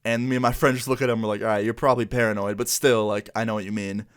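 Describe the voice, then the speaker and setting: A young man casually telling a school story to his viewers, acting out the dialogue as he goes, with lots of "like" and relaxed asides. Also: on the low side, racing, clean tone. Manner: relaxed, chatty, heavy use of "like"; acts out dialogue with quotes. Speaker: vlogger.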